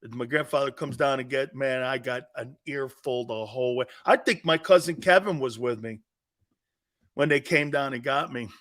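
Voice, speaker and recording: A man's voice: mid-range voice, normal speed, a bit bright. A man hosting a sports talk show, telling stories in a boisterous, casual way, laughing often and swearing freely. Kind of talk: casual chat and storytelling.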